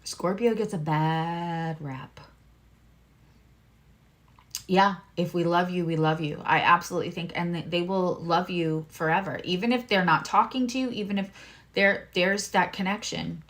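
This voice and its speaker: She hosts a live tarot and astrology reading in a lowish voice, speaking a little slowly. Her style is candid and chatty, with free swearing and the occasional hushed aside.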